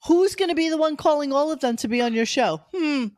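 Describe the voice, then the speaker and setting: A woman's voice: sits high, expressive, fast talker, a little mellow, no echo, clean studio sound. A woman hosting a podcast, sarcastic and theatrical in casual commentary.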